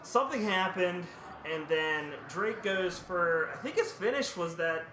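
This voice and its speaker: A man chatting casually on a podcast, relaxed and swearing freely as he recalls a match. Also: sits high, unhurried, reverberant, noisy background. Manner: laid-back, swears casually. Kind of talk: casual chat.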